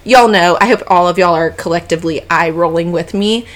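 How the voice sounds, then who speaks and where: A woman's voice: lowish voice, fairly quick. A woman, telling a travel story in a casual podcast chat and often calling her listeners y'all. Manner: chatty, animated, addresses listeners as y'all. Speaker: podcast co-host.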